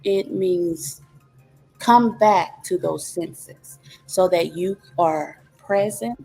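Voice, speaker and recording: A woman hosting a reflective wellness talk, calmly teaching and walking through steps with rhetorical questions. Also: on the low side, very slow, gravelly, faint music behind. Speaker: host.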